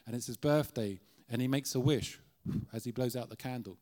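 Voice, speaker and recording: A middle-aged Irish man gives a sermon from the pulpit of a church, in an earnest, conversational way. His voice sits at an ordinary pitch, and he often restarts his sentences as he pushes a point. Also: fairly quick, darkish tone. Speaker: guest preacher.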